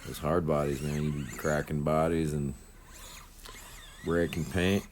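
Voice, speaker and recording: A man's voice: very deep voice, fairly even intonation, a little slow, a little hiss or hum. A man giving casual voice-over commentary as a channel host, rambling and laid-back with lots of fillers.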